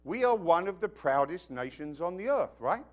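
A British man delivers a sermon in a high-pitched voice that swoops through a wide, lively range. He is emphatic, mixing jokes into his preaching, and keeps checking in with the congregation. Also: moderate pace. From Britain. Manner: emphatic, joking, asks the congregation questions. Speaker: pastor.

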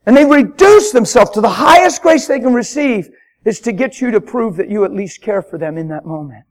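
Fervent high-voiced male preacher. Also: animated, brisk. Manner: fervent, emphatic, repeats phrases, swings to loud shouts. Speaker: traveling preacher. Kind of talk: spontaneous sermon. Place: church hall with congregation.

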